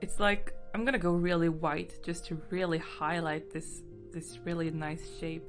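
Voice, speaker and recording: A woman's voice: fairly low pitch, fairly even intonation, moderate pace, music in the background. A woman chatting casually on a live art stream, teary and emotional, laughing often.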